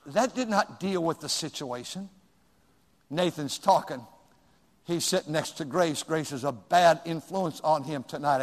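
Older male pastor, high-pitched, dynamic sermon delivery, big reverberant church sound. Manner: swings from shouting to near-quiet asides. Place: church sanctuary. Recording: long reverb in a large room.

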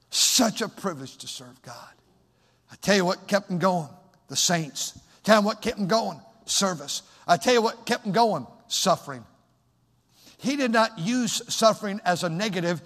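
A fervent male preacher with a high voice, delivering a sermon that swells into shouted exhortation. His words ring out with a long reverb tail in the church sanctuary. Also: a little slow.

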